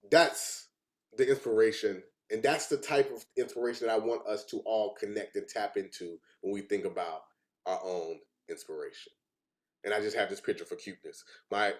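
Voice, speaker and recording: A man's voice: fairly low pitch, fairly even intonation, moderate pace. Earnest man presenting family stories. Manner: earnest, chokes up with emotion. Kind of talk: emotional personal presentation.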